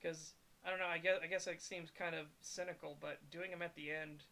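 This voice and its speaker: A man co-hosting a casual podcast chat, animated and swearing, reading chat messages aloud. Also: on the high side, fairly quick, creaky, crowd noise. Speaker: podcast co-host reading super chats.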